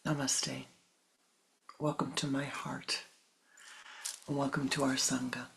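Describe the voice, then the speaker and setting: Spiritual teacher, sermon storytelling, soft half-whispered delivery, gravelly texture. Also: medium pitch, level tone, slight background noise, rough recording. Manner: slow, soft, partly whispered.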